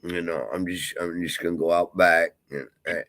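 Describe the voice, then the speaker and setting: A man's voice: low-pitched, moderate pace, fairly bright tone, poor audio. A man rambling and swearing freely in a casual vlog monologue. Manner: profane, rambling, grumbling. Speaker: vlogger.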